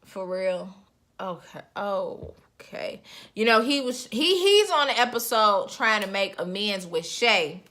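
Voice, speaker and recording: A young woman reviewing a reality show in casual, expressive chat, her voice jumping up in pitch as she reacts. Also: slow pace. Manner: chatty, expressive, with sudden pitch jumps.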